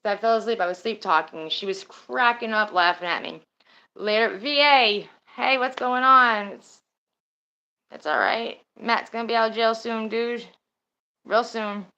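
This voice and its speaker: A woman's voice: fairly high pitch, measured pace, sharp tone, muffled recording. A woman streaming and chatting casually with her viewers, rambling and swearing now and then. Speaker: streamer talking to her chat. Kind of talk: casual livestream chat.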